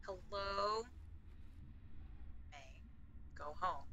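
A woman's voice: mid-range voice, expressive, slow, pauses often, pushed and bright. A young woman streaming a game, giving casual commentary, jumpy and easily spooked, often laughing. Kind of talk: casual let's-play commentary.

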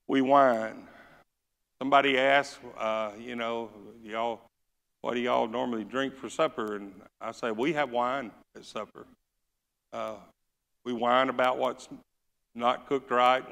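A Southern man preaches in a reverberant church sanctuary, his voice gravelly at a middling pitch. He mixes folksy jokes with scripture that he reads with rising force. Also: a bit bright. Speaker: pastor. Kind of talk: sermon.

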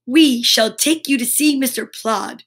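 A woman doing a slow, stern old gnome. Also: a little high, fairly bright tone.

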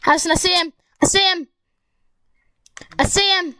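Excitable young gamer girl, high voice. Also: normal speed, long pauses, a little hiss or hum, poor audio. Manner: excitable, rambling, addresses viewers. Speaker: gaming YouTuber. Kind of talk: casual gameplay commentary.

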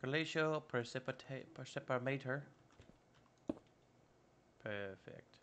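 A Minecraft modpack let's-play host talks to himself as he builds in a modded block-building game, his commentary casual and upbeat. His mid-range voice moves at a slow pace over a noisy background.

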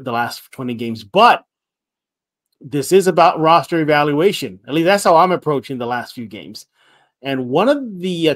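A man hosting a sports podcast, talking in an energetic, rambling way that repeats itself, with a few ad reads. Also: medium pitch. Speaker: podcast host. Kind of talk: sports podcast talk with read ads.

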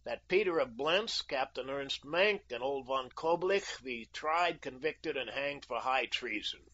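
A man voices a cocky young American who haggles coolly and mocks, his mood firm and cool. His mid-range voice is expressive, bright and forceful, a little slow, captured on dull lo-fi audio.

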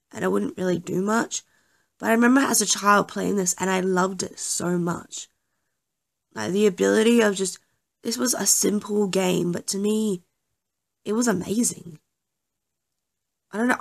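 A woman's voice: mid-range voice, moderate pace, gravelly, long pauses. A young woman chatting casually over gameplay, often apologizing and joking about herself. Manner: self-deprecating, apologetic, chatty. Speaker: gaming YouTuber.

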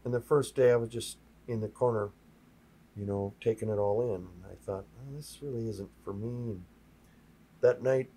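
A man in his sixties from Minnesota, a sign painter telling lively stories as a podcast guest. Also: on the low side, normal speed, a little hiss or hum. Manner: lively anecdotes, acting out other people's lines in a raised voice. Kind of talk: storytelling in a podcast chat.

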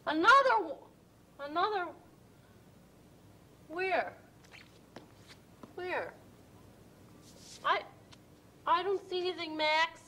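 An actress playing a fussy, excitable woman in a children's TV sketch, gushing and stammering as she hunts for her missing little one. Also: very high voice, takes it slowly, pauses often, a little hiss or hum, full character voice. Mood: delighted. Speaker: worried mother looking for her child.

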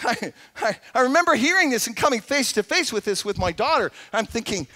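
A middle-aged man preaching as a pastor in a church, earnest and conversational, swinging between emphatic points and quiet asides. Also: extremely high pitch, very animated, fairly quick, hardly any pauses. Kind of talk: sermon. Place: church sanctuary.

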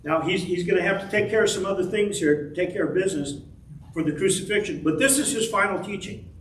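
A man's voice: high-pitched, quick pace, a bit bright. A man teaching a casual Bible class, talking conversationally and acting out the quoted speech in the story. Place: church classroom. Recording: roomy, distant mic, faint room noise.

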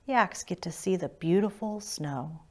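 A woman's voice: fairly low pitch, measured pace. A woman voicing a small, curious young male yak calf in a read-aloud storybook, asking eager questions in a raised voice.

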